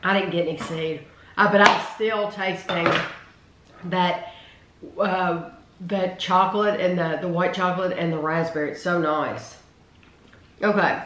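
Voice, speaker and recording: A woman's voice: lowish voice, fairly even intonation, unhurried, long pauses, fairly bright tone. A woman hosting a casual taste test, chatting enthusiastically and reading product descriptions aloud. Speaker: food reviewer host. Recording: roomy echo.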